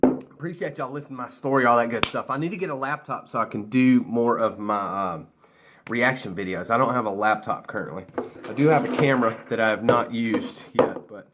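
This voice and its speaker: A man's voice: medium pitch, a little fast, heavy background noise. An American man telling a rambling story casually to camera, loose and a few drinks in. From United States. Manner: rambling, laughing, loose and chatty. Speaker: vlogger.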